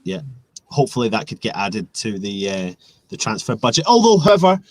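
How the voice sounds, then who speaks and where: A man's voice: on the low side, lively intonation, normal speed, a bit bright, dry recording. A man co-hosting a live fan show, chatting casually and repeating words as he starts a point. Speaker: fan channel co-host.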